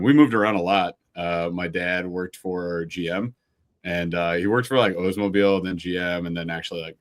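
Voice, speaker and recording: A man's voice: low-pitched, a bit bright. A man in his thirties from Ohio, chatting casually as a podcast guest, laughing often and joking about himself. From Ohio, USA. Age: 30s. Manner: laughs often, self-deprecating, loose. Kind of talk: casual chat.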